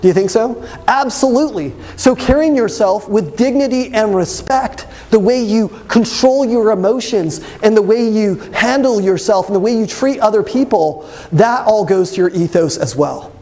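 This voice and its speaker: A young man teaching a debate class, lively and constantly asking his students questions. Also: high-pitched, moderate pace. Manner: animated, asks the class questions. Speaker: debate instructor. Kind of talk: classroom lecture.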